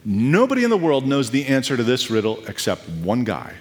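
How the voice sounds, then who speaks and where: A man in his thirties preaching a sermon, telling stories in a conversational, animated way with asides. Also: medium pitch, fairly quick. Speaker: pastor. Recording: echoey hall with long reverb.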